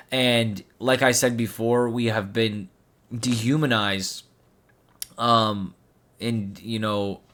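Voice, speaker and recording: A man's voice: medium pitch, a bit bright. A man hosting a commentary channel, giving an impassioned, preachy monologue full of repetition.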